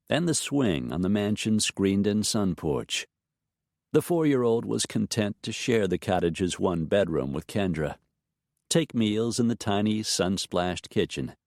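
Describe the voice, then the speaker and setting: Low-voiced male audiobook narrator, unhurried with animated pitch. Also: gravelly, no room sound, clean studio sound. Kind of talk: scripted narration.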